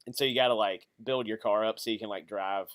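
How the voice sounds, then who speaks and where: A man's voice: lowish voice, fairly even intonation, quick pace, fairly bright tone. A man co-hosting a live stream, rambling loosely and filling his talk with "like" in casual chat. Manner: rambling, heavy use of "like". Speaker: podcast co-host.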